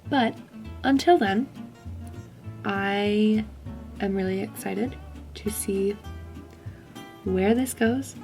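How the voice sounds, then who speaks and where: A woman's voice: mid-range voice, drawn-out words, pauses often, a little mellow, soft background music. A woman in her twenties chatting casually to camera in a vlog, full of "um" and "like" fillers. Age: 20s. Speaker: vlogger. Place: school during lunch break.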